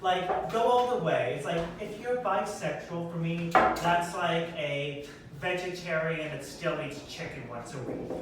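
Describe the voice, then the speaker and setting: A brash male stand-up comic with a fairly high voice who delivers punchy lines and quick asides. He is picked up from a distance in a very echoey room, with steady noise behind him. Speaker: stand-up comedian. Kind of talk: stand-up comedy set. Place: performance venue.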